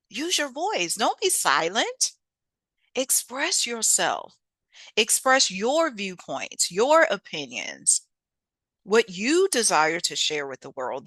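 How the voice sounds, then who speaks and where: Lively, bright-voiced woman giving a pep talk. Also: no room sound. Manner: emphatic, folksy, laughs often, repeats key phrases; sudden swoops up in pitch for emphasis. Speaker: podcast host and author; singer and teacher. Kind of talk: motivational monologue.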